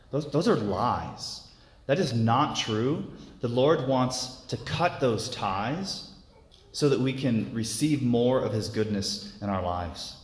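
A male preacher gives a sermon at a middle pitch, earnest and unhurried, often doubling back on words. His voice rings through a roomy hall with a long reverb trailing each phrase. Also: lively intonation.

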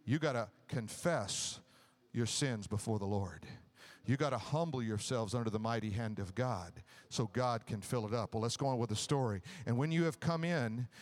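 A man preaches a sermon, drawing the congregation into call-and-response and acting out the lines of people in his stories. He swings between loud exclamations and low, quiet murmurs.

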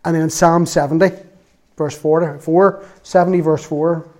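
A man's voice: on the high side, measured pace, gravelly, darkish tone. A man preaching a sermon, reading scripture aloud with earnest feeling and a self-mocking sense of humor.

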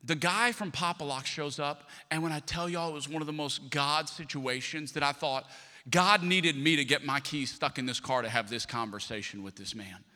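This man's voice is on the high side and sharp in tone, moving at a normal speed. He's a pastor delivering a storytelling sermon, performing the quoted voices himself, with long reverb from the hall.

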